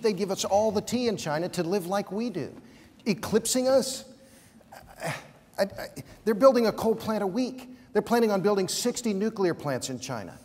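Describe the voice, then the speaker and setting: A man's voice: high-pitched, darkish tone, husky. A man arguing as a panelist in a conference debate, emphatic and combative, stumbling over his words when worked up. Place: conference hall. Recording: long hall reverb from a conference stage.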